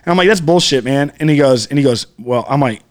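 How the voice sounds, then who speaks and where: A man's voice: mid-range voice, expressive, fast, a little mellow. A man telling a story in casual chat, profane and ranting, acting out what people said. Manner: profane, ranting, acts out quotes.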